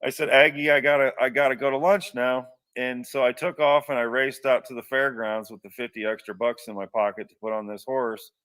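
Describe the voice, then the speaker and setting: A man spins a long personal yarn with a bright, edgy tone. He restarts often and drifts into asides. His voice sounds a little distant from the microphone. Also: medium pitch, steady tone, a little fast, few pauses, smooth. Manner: rambling anecdotal telling with many restarts. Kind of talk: casual storytelling.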